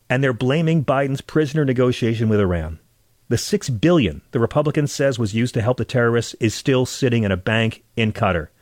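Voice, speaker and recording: A man's voice: medium pitch, expressive, normal speed, darkish tone, no room sound, studio quality. A man hosting a political talk show, delivering a scripted commentary monologue in a sarcastic, indignant and profane manner.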